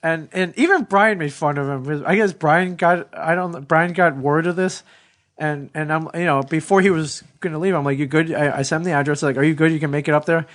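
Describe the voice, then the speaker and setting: A man's voice: fairly high pitch, brisk, a bit bright. A man in his thirties co-hosting a podcast, telling a rambling story in casual chat and swearing freely. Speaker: podcast co-host.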